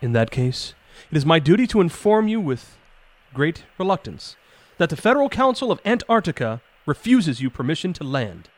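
An actor playing a formal, grave admiral. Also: male voice, fairly high pitch, sing-song, normal speed, a little hiss or hum. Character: formal, stern admiral, male, middle-aged.

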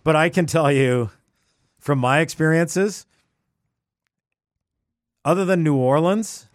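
A man as an interview guest, talking with animated enthusiasm and often restarting his phrases. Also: a little high, takes it slowly, no room sound, studio quality. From Canada. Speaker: guest, traveller. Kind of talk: casual conversational interview.

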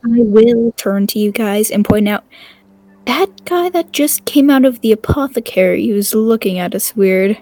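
A woman's voice: on the high side, expressive, normal speed, mellow. A woman playing a tabletop game, hesitant and full of fillers. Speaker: player. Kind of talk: casual tabletop play.

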